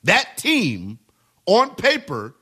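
Man, sports radio host, bright voice, lively swooping pitch, emphatic and repetitive. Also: drawn-out words, slightly rough. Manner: emphatic, repetitive, animated delivery. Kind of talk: sports talk radio monologue.

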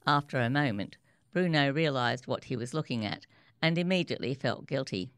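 A radio presenter, introducing guests and reading book extracts in a measured, clear way. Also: mid-range voice, animated, fairly bright tone, no room sound, studio quality. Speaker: radio show host.

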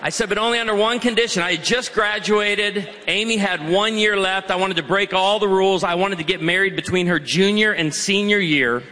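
A man in his forties giving a humorous, energetic talk on marriage to students. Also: sits high, normal speed, hardly any pauses. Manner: energetic storytelling, puts on voices for jokes. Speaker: guest speaker. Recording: hall reverb with faint ambience.

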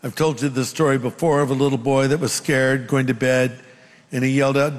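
A man's voice: medium pitch, fairly even intonation, brisk. An older man preaching a sermon in an earnest, conversational way, with asides to the congregation. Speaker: pastor. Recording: long hall reverb.

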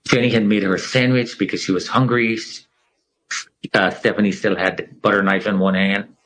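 A man's voice: fairly low pitch, level tone, normal speed, a bit bright, low-quality recording. A middle-aged man telling his survival story with earnest feeling, acting out the people he quotes. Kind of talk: emotional personal testimony.

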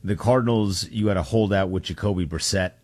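A man's voice: sits low, a little fast, a little mellow, dry recording. A man co-hosting a casual football talk show, teasing his partner in a laid-back, dry way. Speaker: sports show co-host.

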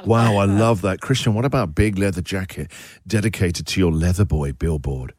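A man hosting a radio breakfast show from the studio, teasing his co-hosts with quick comic asides. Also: low-pitched, a little mellow, no echo. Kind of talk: joking radio banter.

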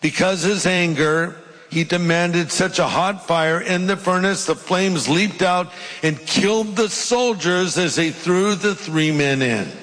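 A man's voice: high-pitched, a little slow, a bit bright. A middle-aged man, a pastor, preaching a sermon and reading scripture aloud with emphatic, dramatic delivery. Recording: long reverb of a large hall.

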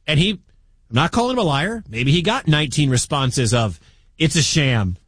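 Animated talk radio host, lively pitch. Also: male voice, a little fast, husky, dry recording. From American Midwest. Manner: animated, incredulous, chatty.

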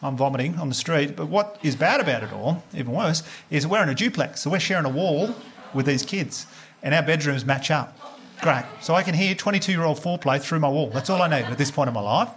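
An Australian man in his thirties doing a stand-up comedy set, telling stories deadpan and working the crowd. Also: a little high, brisk, a little hiss or hum. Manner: crowd work, deadpan storytelling with acted asides. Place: live comedy venue with audience laughter.

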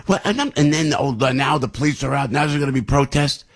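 A man hosting a morning radio talk show, rambling and heated, his voice jumping higher whenever he gets worked up. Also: a little fast, creaky, hardly any pauses. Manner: rambling and heated, voice leaps up when outraged.

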